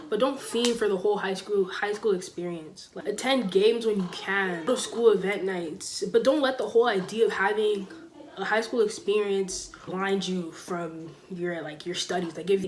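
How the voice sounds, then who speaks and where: A teenage girl talks casually into her camera, giving frank, no-nonsense advice. Her voice sits at a middle pitch and jumps up on emphatic words. A faint hiss runs under the recording. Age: teens. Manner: blunt, emphatic, lively with sudden loud stresses. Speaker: vlogger giving school advice. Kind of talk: casual sit-down advice talk. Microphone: camera mic, sitting.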